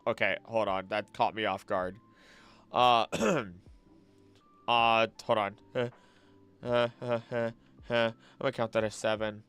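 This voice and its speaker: A man's voice: fairly low pitch, little pitch movement, takes it slowly, long pauses, a bit bright, smooth. A man, a streamer and voice actor, chatting casually and thinking aloud while he answers chat questions.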